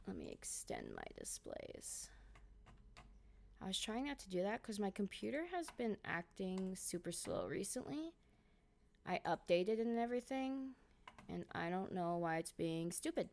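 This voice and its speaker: A woman streamer chatting casually and swearing often, muttering to herself between excited bursts. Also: medium pitch, normal speed, a little hiss or hum. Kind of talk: casual vlog chat while sorting photos.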